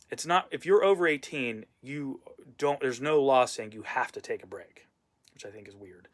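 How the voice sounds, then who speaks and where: A man's voice: fairly high pitch, fairly bright tone. Man venting in a rambling vlog. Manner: rambling, venting about a former boss; frequent fillers and trailing asides. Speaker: vlogger and musician. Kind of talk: casual vlog monologue.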